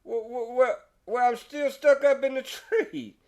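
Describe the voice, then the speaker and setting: A slow-witted redneck stuck up a tree whines in a high Texas drawl, as a folksy man puts him on. The voice is pitched well above the teller's own and begs for help. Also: fairly even intonation, darkish tone. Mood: pleading. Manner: drawling, pleading, raised pitch.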